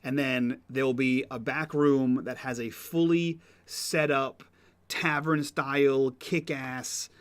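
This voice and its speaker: A chatty young man from New England hosts a casual live Q and A. He rambles along with plenty of ums and uhs, and his pitch sits in an ordinary middle range. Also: fairly even intonation, takes it slowly, smooth. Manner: chatty, rambling, lots of fillers. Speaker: host. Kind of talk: casual livestream Q and A.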